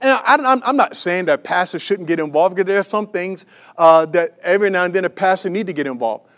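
High-voiced preaching pastor, emphatic. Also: male voice, expressive, fast, a bit bright. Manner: emphatic, repetitive preaching with many restarts and fillers; addresses the congregation directly with rhetorical questions. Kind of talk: sermon.

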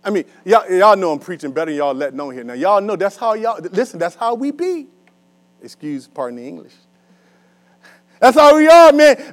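A man preaches to his church in a strikingly high voice. He talks back and forth with the room, rising loud and dropping soft. A low mains hum sits under the recording. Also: normal speed. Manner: animated call-and-response preaching, swinging loud and soft. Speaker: pastor. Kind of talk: sermon. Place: church hall with a congregation.

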